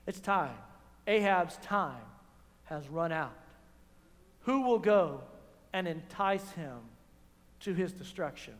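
A man preaching, voicing God on a throne in a slow, hushed, solemn tone. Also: high voice, animated, pitched below the performer's own voice. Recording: long hall reverb.

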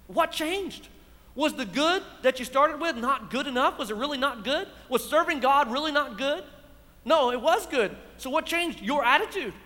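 A man's voice: very high voice, animated, moderate pace, pushed and bright, long reverb tail. A man preaching a sermon, asking his congregation rhetorical questions. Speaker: pastor. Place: church.

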